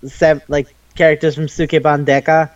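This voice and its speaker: A man chats on an anime podcast in a fairly high voice, excitable and quick to swear as he retells scenes. The recording sounds dull and lo-fi. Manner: excitable, profane storytelling. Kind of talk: casual chat. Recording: dull lo-fi audio.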